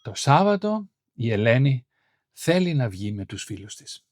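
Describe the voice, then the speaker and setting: A man's voice: mid-range voice, very animated, darkish tone, no echo. Man teaching Greek, dry sound. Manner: clear, slow model phrases with quiz prompts. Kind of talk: online language lesson.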